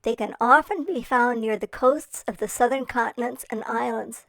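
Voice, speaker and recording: A woman reading a children's picture-book quiz about seals, explaining slowly and clearly with playful questions. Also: fairly high pitch, fairly bright tone, no echo.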